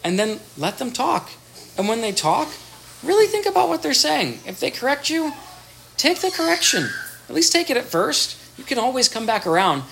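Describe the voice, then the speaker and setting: A therapist talks through everyday advice in a casual, animated way, with pitch that swings widely. Bits of imagined dialogue get acted out in different voices, and words often get repeated or restarted. Faint noise sits under the recording. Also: normal speed, vocal fry. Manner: animated, acts out little dialogues in changing voices.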